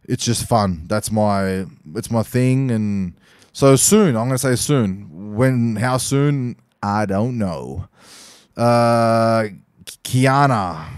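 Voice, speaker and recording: Casual, profane young podcast host, dry sound. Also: male voice, lowish voice, clean tone, no echo. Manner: casual, profane, rambling with restarts and fillers. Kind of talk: casual solo podcast monologue.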